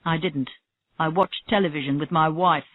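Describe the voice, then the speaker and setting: Stubborn male murder suspect under questioning, read by a woman; slow, low-ish, dry tinny audio. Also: fairly even intonation, no room sound, close to an everyday voice. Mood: defensive. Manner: stubborn denials, rising to angry shouts. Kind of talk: reading a graded story aloud.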